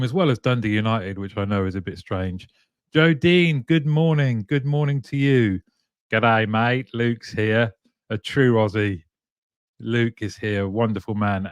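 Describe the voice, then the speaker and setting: A man's voice: lowish voice, fairly even intonation, a little slow, smooth, no room sound. A man hosting a live stream, chatting casually and greeting viewers one by one by name, with plenty of ums. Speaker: live show host.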